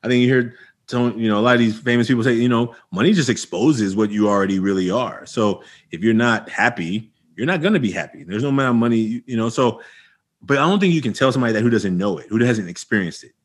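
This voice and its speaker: A man from Oakland, California, with a husky, slightly rough voice at a middle pitch, telling a story as a podcast guest. He talks casually and acts out the people in his story with sudden high jumps in pitch. He keeps restarting his sentences and fills them with "you know" and "right". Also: fast. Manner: animated, acts out quoted dialogue with jumps in pitch.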